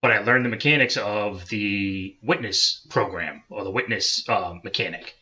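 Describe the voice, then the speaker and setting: Brief: male podcast guest, low pitch, very bright edgy tone, loose and casual. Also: normal speed, highs cut off. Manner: loose, swearing, explanatory. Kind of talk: casual gaming chat.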